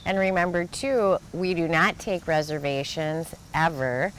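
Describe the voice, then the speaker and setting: A woman's voice: low voice, fairly even intonation, a little slow, rough recording. A woman chatting casually, mostly giving brief, agreeable replies and explaining how things work. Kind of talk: casual chat. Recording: faint background noise.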